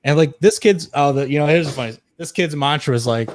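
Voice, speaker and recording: A man's voice: fairly high pitch, fairly quick, hardly any pauses, no room sound. A man in his forties co-hosting a podcast, telling stories in casual chat and acting out the people he quotes. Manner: animated storyteller, acts out quotes. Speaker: podcast co-host. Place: podcast studio.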